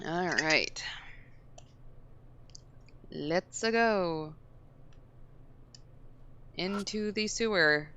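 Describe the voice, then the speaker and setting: A woman's voice: lowish voice, extremely slow, pauses often, bright, forceful tone, slight background noise. A woman hosting a let's play, chatting casually and reading the game's text aloud in a storytelling tone, with frequent giggles.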